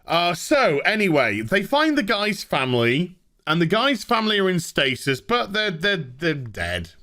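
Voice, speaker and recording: A man's voice: sits high, wildly swooping pitch, unhurried, pushed and bright. A man recapping a TV episode in a sarcastic, exasperated, profane comedic rant. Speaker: TV show reviewer.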